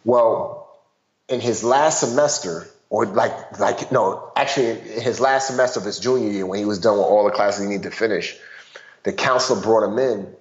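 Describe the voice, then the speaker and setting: Man, podcast guest, animated storyteller, heavy fillers, roomy muffled sound. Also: fairly low pitch, moderate pace. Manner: animated, frequent "you know" fillers. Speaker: guest, author. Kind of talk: casual storytelling conversation.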